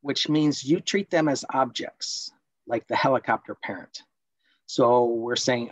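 A man presenting a parenting workshop online, explaining points and acting out scolding parents in quick role-plays. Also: medium pitch, no echo, highs cut off.

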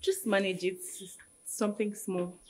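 A woman's voice: mid-range voice, fairly even intonation, measured pace, darkish tone, natural voice. A young woman playing a shy, sweet schoolgirl. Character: sweet teen girl giving an invitation.

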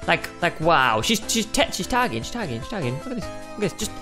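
A man's voice: sits high, sing-song, normal speed, a bit bright, faint music behind. A man, hosting casual gameplay commentary, joking with sudden yelps and laughs. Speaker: gaming channel host.

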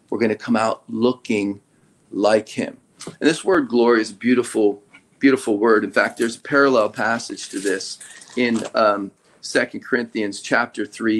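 Man, middle-aged, preacher, conversational sermon, drawn-out emphasis words. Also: medium pitch.

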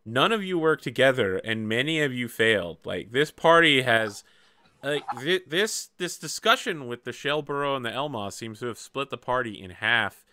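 A man's voice: medium pitch, animated, moderate pace, bright, forceful tone, no room sound. A young man running a tabletop game, chatty, explaining rules and laughing often. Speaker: game master.

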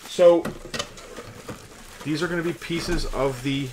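A woman's voice: deep voice, steady tone, slow pace, noisy background. A woman co-hosting a live toy unboxing, playful and calling out items as she pulls them out. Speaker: co-host of a collectibles show. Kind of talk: casual live unboxing chat.

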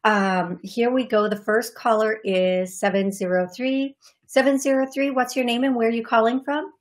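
A woman's voice: on the high side, fairly even intonation, moderate pace. A woman hosting a live call-in show as a psychic medium, chatting casually and greeting viewers by name in short bursts full of fillers and restarts.

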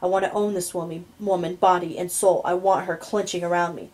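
A woman reading a first-person novel aloud in a steady, low-key storytelling voice. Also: a little fast, poor audio. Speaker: audiobook reader.

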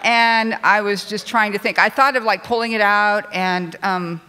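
Woman, live stage storyteller, bright voice, animated, self-deprecating. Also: medium pitch, normal speed, clear, resonant tone. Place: theater stage before a live audience.

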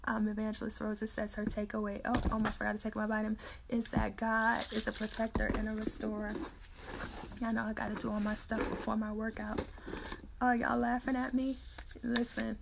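A middle-aged woman hosts an early-morning Bible livestream, chatting with viewers as they type comments. Her slightly high voice has a gravelly fry, and she laughs easily. A faint hiss sits under the recording. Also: completely flat delivery, brisk. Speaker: host of a daily Bible reading livestream. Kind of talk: casual chat with live viewers.

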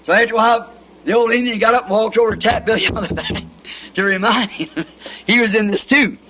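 A man's voice: high voice, a little fast, crowd noise. A man with a Southern American accent preaching a sermon in a folksy, storytelling way, recorded on an old 1960s tape. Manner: folksy anecdotes with repeated "See?". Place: church meeting with congregation.

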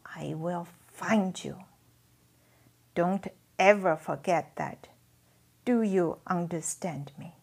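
A woman voicing a threatening male soldier with loud, clipped commands in a read-aloud memoir. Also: mid-range voice, expressive, slow pace, hardly any pauses. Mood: steely.

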